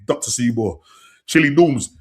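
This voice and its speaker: Man, podcast host, lively slang-filled banter, mid pitch, laughs a lot. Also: normal speed. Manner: animated, slang-heavy, laughs often. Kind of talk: casual football banter.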